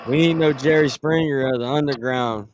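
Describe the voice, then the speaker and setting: A man hosting a live show, asking questions in a relaxed, slangy way. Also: mid-range voice, brisk, slight background noise. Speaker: host. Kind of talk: casual interview.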